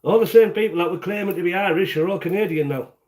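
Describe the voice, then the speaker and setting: Chatty guy from the uk doing a live cooking stream in his kitchen, rambly and jokey, kinda high voice, faint noise behind. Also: fast, darkish tone. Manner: chatty, rambling and jokey, greeting viewers by name. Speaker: cooking show host. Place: home kitchen.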